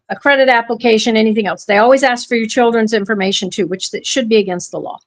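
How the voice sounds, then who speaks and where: A woman with a voice pitched a little above the usual, talking in a casual podcast chat. She rambles through anecdotes and stops to correct herself along the way. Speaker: podcast host.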